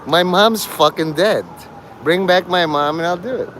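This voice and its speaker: A man's voice: high voice, normal speed, a bit bright, slight background noise. A man rambling to his livestream chat, swearing, joking and laughing often.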